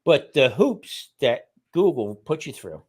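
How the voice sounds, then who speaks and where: A man on a casual podcast chat, talking in halting restarts and checking in with "okay?" as he goes. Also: mid-range voice, very animated, breathy edge. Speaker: guest keto cooking channel creator.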